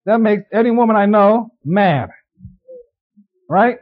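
High-voiced man preaching a sermon. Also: expressive, takes it slowly. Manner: conversational preaching with asides to the congregation. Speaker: pastor. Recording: dull lo-fi tape recording.

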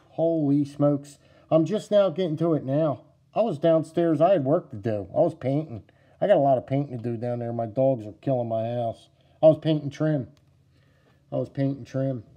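Excitable New Jersey man, dark voice. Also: on the high side. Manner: excitable, repeats himself, addresses viewers as "guys" and "yous". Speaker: knife collecting vlogger. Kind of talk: casual chat to camera. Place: at home indoors.

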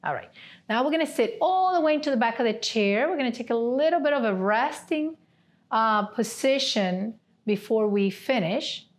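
A woman yoga therapy instructor leading a seated class with gentle step-by-step cues, often checking in with "right?". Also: a little high, animated, normal speed.

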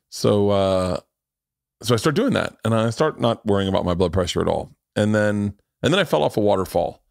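A man's voice: fairly low pitch, sing-song, a little fast, vocal fry, darkish tone, no echo, studio quality. A man in his forties hosting a podcast, telling stories in a rambling, profane way and laughing at his own jokes. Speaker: podcast host. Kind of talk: casual storytelling chat.

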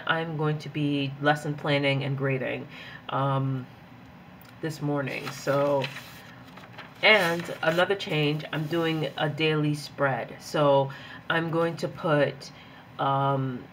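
A woman's voice: deep voice, slight background noise. Chatty, rambling young woman. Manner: rambling, chatty, giggly and easily excitable. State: hyped up on coffee. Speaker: planner vlogger; graduate student and teacher. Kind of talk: casual chat while journaling.

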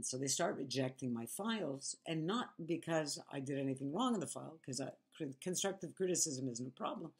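A woman's voice: sits low, slightly rough. A woman vlogger telling her story in a casual monologue, frank, sarcastic and emphatic.

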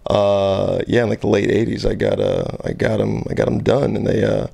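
A man's voice: lowish voice, level tone, normal speed, creaky, warm tone. A man in his thirties, a guest on an interview show, telling a story in a rambling, hesitant way with many fillers. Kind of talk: casual interview chat.

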